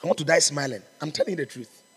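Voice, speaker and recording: A man's voice: on the high side, rapid-fire, a bit bright, husky, long reverb tail. A man preaching a sermon as pastor, fervent and exhorting, calling out to his congregation. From Ghana.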